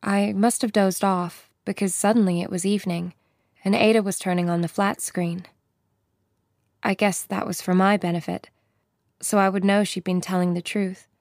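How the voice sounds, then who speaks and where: A woman's voice: mid-range voice, steady tone, moderate pace, darkish tone, dry recording. A woman reading an audiobook as narrator, telling the story plainly in the first person, in a dry studio voice-over. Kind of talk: scripted narration.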